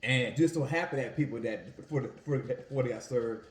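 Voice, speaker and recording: In his home kitchen, a food vlogger who sells Italian ice tells animated, folksy stories about the business while he cooks, peppering them with "y'all" and "family." His voice is medium-pitched and a little fast, and the room echoes.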